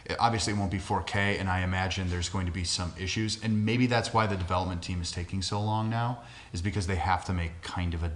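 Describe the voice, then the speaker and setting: A man's voice: deep voice, steady tone, quick pace, fairly bright tone, slight background noise. A man co-hosting a casual gaming podcast, blunt and opinionated, swearing freely. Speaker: podcast co-host.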